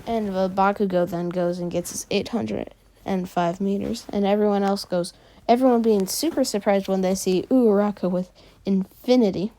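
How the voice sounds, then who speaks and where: A woman narrating a fan story in a halting, casual way. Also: medium pitch, fairly even intonation, warm tone.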